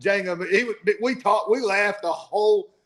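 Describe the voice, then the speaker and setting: A man's voice: high-pitched, normal speed, a bit bright. A man from southern Florida, a guest on a talk stream, telling anecdotes animatedly and laughing often. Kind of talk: casual chat, storytelling.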